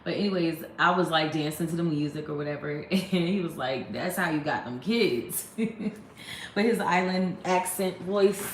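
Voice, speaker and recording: A woman's voice: low voice, normal speed, reverberant, slight background noise. A woman in her thirties chatting casually to a phone camera, rambling and laughing often. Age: 30s. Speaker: vlogger.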